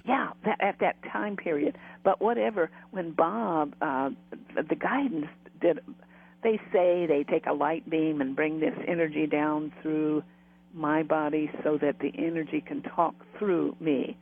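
A man's voice: on the high side, measured pace, gravelly, phone-quality sound. A man, a guest who works as a spiritual medium, telling rambling stories in an interview with frequent restarts. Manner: rambling, restarts often, laughs while telling. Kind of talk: storytelling interview.

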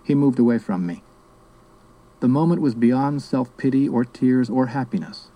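A man reading a memoir-style story as narrator, in a measured, reflective way. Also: medium pitch, dark tone, low-quality recording. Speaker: audiobook narrator. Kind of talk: scripted narration.

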